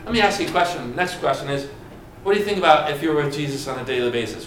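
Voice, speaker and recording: High-voiced preacher in an echoey hall. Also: male voice, a bit bright, slight background noise. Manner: questions the congregation, dramatic pauses and emphasis. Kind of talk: sermon. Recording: echoey room with faint ambience.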